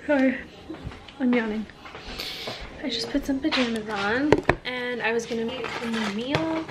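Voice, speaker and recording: A young woman chatting casually in a home vlog, rambling in a relaxed way. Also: on the high side, unhurried, heavy background noise. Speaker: vlogger.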